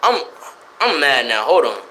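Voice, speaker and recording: A young man from Connecticut ranting profanely to his live chat in a loose, animated way, jumping between loud outbursts and low mutters. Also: unhurried, echoey room. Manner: profane, animated, swings between shouting and mumbling. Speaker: livestreamer. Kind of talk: unfiltered casual rant to live chat. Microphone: streaming mic.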